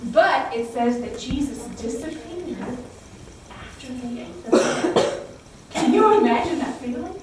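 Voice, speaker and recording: A woman tells a Bible story to a group of children, her voice high and lively as she exclaims and coaxes them to repeat lines back. She is recorded from a distance in a very echoey room, with faint background noise. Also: a little slow. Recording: echoey room, heard from far off.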